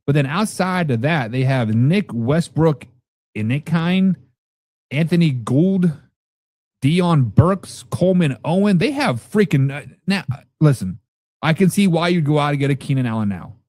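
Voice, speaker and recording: A man hosting a casual football talk show, reading viewer comments and reacting loudly with profanity. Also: a little high, no echo, clean studio sound. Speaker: podcast host reading live chat.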